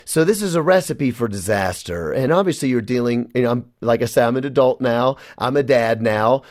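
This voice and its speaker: A man's voice: medium pitch, expressive, a little fast, dry recording. Man guest, earnest testimony, dry close studio mic. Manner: earnest, emotional storytelling. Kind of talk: personal testimony in a radio interview.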